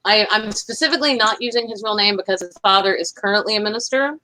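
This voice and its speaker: Bright-voiced chatty Southern American woman. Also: medium pitch, fast talker, rough recording. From Southern United States. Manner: chatty, self-deprecating, apologizes a lot. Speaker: guest on a livestream chat. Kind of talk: casual chat.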